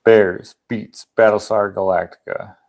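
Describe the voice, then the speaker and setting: Low-voiced man rambling on a livestream. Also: fairly even intonation, unhurried, creaky, a little mellow. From Canada. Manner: rambling, joking, reads viewer comments aloud. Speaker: livestream host. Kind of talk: casual livestream chat.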